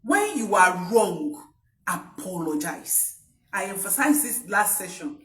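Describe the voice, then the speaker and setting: A woman's voice: mid-range voice, very animated, a little slow, fairly bright tone. A woman, coaching parents in an emphatic talk that repeats key points. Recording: echoey room, voice from a distance.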